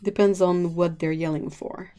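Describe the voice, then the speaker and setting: A woman's voice: lowish voice, steady tone, normal speed, dark tone. A woman hosting a livestream in casual chat, telling stories in a chatty, giggly way. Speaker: livestream host.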